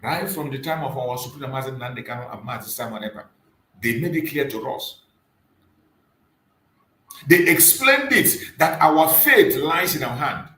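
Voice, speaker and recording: A man delivering an impassioned political monologue, hammering rhetorical questions and repeating them, rising to loud emphasis then dropping low. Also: expressive, moderate pace, reverberant, poor audio. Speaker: channel host and activist commentator.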